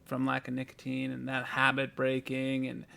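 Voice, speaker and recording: A man's voice: mid-range voice, monotone, moderate pace, creaky, sharp tone. A man co-hosting a podcast, telling a story in casual chat, acting out the people he quotes and swearing freely. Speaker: podcast co-host.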